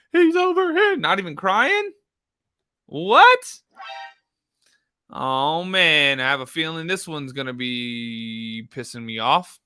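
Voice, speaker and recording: A man's voice: fairly high pitch, smooth, no room sound, studio quality. A man hosting a live true crime reaction stream, talking bluntly to his chat. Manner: loud, blunt, talks to chat.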